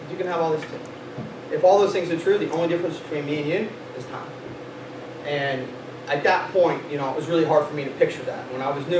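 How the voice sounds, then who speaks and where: A young man, a sales company vice president, telling a lively story and acting out dialogue in a motivational speech to his team. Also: a little high. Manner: animated storytelling, acts out dialogue, laughs often. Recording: echoey room, distant mic, noisy.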